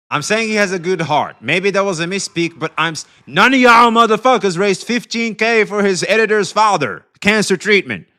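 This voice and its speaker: A young adult man streaming live, talking casually to his chat, swearing freely, swinging between excitement and quiet emotion. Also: high voice, a little fast. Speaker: livestreamer.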